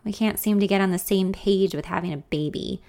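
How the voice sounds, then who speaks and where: A young newly married woman friend, anxious and emotional, her voice lifting higher and brighter than the narrator's plain reading. A woman narrator puts her on while reading the story aloud. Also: fairly quick, vocal fry, natural voice. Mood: sad.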